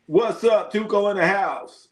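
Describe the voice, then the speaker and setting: A man's voice: high voice, unhurried. A man hosting a live sports stream, chatting loosely with his viewers and swearing freely. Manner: loose, profane, reacts to chat. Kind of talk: casual live-stream chat.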